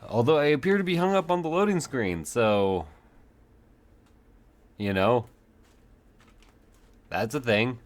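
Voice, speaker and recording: A man's voice: mid-range voice, takes it slowly, long pauses. A man hosting a let's play, thinking aloud in a rambling, self-mocking way with many fillers. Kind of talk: casual gameplay commentary.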